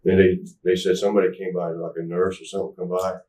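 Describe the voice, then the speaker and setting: Middle-aged guy rambling thru a story, low mellow voice, roomy echo, mic kinda far. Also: monotone, fast talker. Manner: rambling, stop-start storytelling, acts out quotes loudly. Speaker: interview guest. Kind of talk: candid storytelling interview. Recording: echoey room, distant mic.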